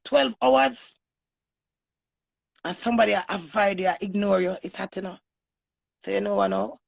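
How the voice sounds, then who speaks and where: Gravelly Jamaican woman ranting. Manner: emphatic, heated, swings between loud bursts and low mutters. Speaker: online personality. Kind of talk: livestream rant to viewers.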